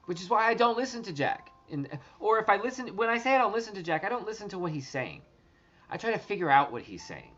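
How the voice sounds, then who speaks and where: A man talking casually to his viewers, rambling and excitable, swearing and restarting his sentences often. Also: high-pitched, quick pace, highs cut off, soft background music. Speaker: treasure hunt vlogger.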